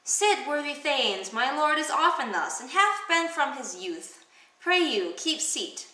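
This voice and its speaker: A woman voicing an exasperated, sharp-tongued noble queen with a scornful manner. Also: high-pitched, big pitch swings, measured pace, pitched above the performer's own voice, full character voice. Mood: commanding. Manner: scornful, valley-girl slang paraphrase. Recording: echoey room, distant mic.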